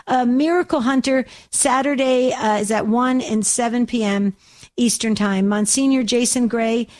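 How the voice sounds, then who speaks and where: A woman's voice: a little high, steady tone, moderate pace, a little mellow. A woman hosting a call-in radio show, talking in an effusive, gushing way with many repeats.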